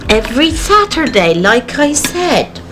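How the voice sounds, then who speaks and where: A woman playing a flustered housewife, slow and earnest. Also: high-pitched, sing-song, over music. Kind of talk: sketch comedy acting.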